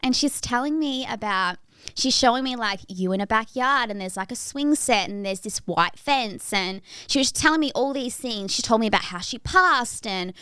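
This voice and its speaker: Chirpy, loud woman with a lively voice. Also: fairly high pitch, normal speed, smooth, dry recording. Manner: loud, chirpy, blunt, laughing often. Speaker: psychic medium guest. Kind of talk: casual interview chat.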